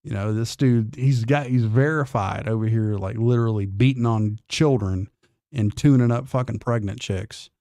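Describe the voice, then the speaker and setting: Gravelly, blunt sounding man. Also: lowish voice, moderate pace, mellow, dry recording. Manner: blunt, profane, defiant; drawling, with restarts. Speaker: livestream host. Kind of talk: casual livestream chat reading comments.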